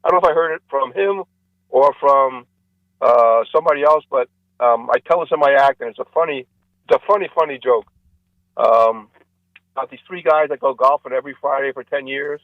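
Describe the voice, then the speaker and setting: A man, a comedian guest, telling jokes in a rambling, animated way. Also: mid-range voice, fairly quick, no room sound, lo-fi sound. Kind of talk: casual storytelling interview.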